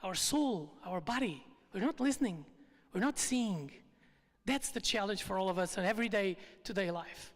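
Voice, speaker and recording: A speaker telling a story at a live retreat evening, in lively, phrasing. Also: mid-range voice, moderate pace. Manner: lively, non-native phrasing. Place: event hall. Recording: long reverb from a live hall.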